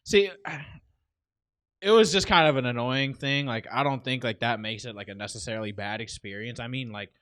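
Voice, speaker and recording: A man's voice: mid-range voice, normal speed, a bit bright. A young man, co-hosting a podcast in a laid-back, understated way. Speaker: podcast co-host. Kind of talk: casual chat.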